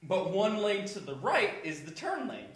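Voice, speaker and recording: A young man with a high, bright voice that leaps all over as he tells a story, swearing freely. He hosts a casual podcast, recorded in an echoey room. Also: normal speed. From Kansas City area. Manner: profane, animated storyteller. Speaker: podcast host. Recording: echoey room with crowd noise.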